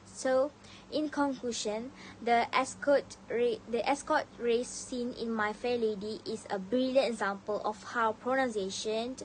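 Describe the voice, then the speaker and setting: Young woman, student presenter, hesitant pauses, somewhat high voice, faint background noise. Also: steady tone, poor audio. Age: young adult. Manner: reads carefully with frequent "uh" pauses and slips. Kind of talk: reading a prepared class presentation.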